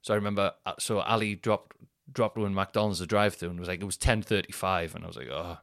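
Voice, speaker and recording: A man in his thirties tells a comic story, rambling and poking fun at himself. His voice sits fairly low. The sound is close and dry, with no room around it. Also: fairly even intonation, fast talker, vocal fry, a bit bright, no echo. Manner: rambling, self-mocking, chatty. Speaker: podcast host.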